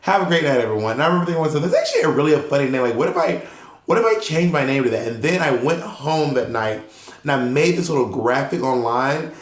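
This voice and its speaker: Podcast co-host, man, slightly high voice, lively storyteller, roomy echo. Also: fast. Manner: animated storyteller, acts out quotes. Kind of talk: casual chat.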